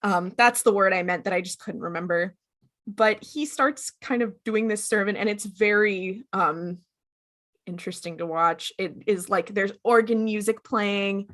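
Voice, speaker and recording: Bright-voiced woman podcast co-host. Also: medium pitch, unhurried. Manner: animated, acts out characters' lines while retelling. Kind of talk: casual recap chat.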